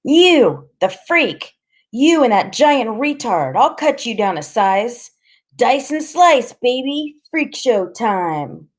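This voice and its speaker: A woman reading an audiobook, voicing a cruel teenage gang-leader bully who shouts sneering taunts. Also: fairly high pitch, sing-song, slow pace, pitched above the performer's own voice, heavily acted. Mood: taunting.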